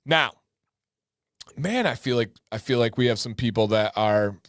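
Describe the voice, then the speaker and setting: Lively man hosting a livestream. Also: mid-range voice, moderate pace, dry recording, studio quality. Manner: animated storyteller with sound effects. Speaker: livestream host. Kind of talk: casual livestream chat.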